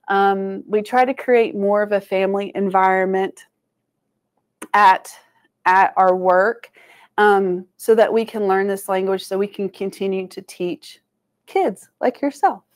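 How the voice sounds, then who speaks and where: A woman leads a language lesson for schoolchildren at a museum talk. She is encouraging and patient, and she breaks words into slow syllables for the group to repeat back to her. Her voice sits at an ordinary middle pitch. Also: fairly even intonation. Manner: encouraging, call-and-response, slows to sound out syllables. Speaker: Cherokee language and culture educator. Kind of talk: teaching a children's language lesson. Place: museum presentation room.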